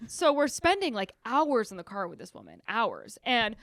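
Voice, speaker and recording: A woman co-hosting a podcast, telling a story in casual chat, animated and swearing freely. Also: on the high side, moderate pace, no room sound, clean studio sound. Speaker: podcast co-host.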